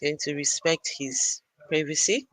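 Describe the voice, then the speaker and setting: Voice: medium pitch, unhurried, fairly bright tone, no room sound, poor audio. Chatty live-stream host greeting viewers. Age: adult parent. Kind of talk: casual live-stream chat. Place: indoor gaming arena. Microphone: arcade computer, no camera.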